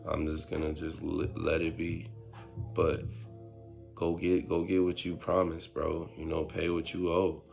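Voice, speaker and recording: A man's voice: a bass voice, measured pace, gravelly, faint music behind. A young man casually telling a story in street slang, acting out what others said. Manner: street slang, animated retelling with quoted voices.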